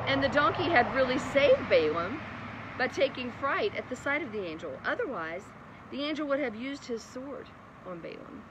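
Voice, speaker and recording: A woman's voice: a little high, moderate pace. Chatty woman telling a Bible story. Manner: chatty, laughs often, lively asides. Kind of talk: bedtime Bible story reading with chatty asides. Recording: noisy outdoor background with traffic.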